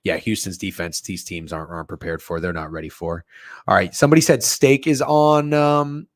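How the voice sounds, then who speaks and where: Young guy hosting a betting stream, swears a lot, all over the place, lowish voice, dry close sound. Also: brisk, no echo. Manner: profane, rambling, self-interrupting. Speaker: sports betting show host. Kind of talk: live-streamed betting chat reading chat comments.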